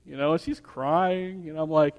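A man's voice: fairly high pitch, fairly even intonation, normal speed, big-room sound, lo-fi sound. A pastor preaching a sermon, telling a rambling family story with many restarts before he builds to emphatic preaching.

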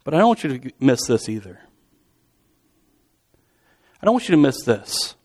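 A man's voice: mid-range voice, big pitch swings, normal speed, a little mellow. A man preaching in a conversational, storytelling way, acting out quotes with vivid voices. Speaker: pastor. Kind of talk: sermon.

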